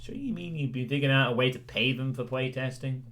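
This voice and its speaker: Rambling male streamer, bright voice. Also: mid-range voice, quick pace, a little hiss or hum. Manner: rambling, self-deprecating, with frequent "you know"s. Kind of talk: casual chat with a livestream audience.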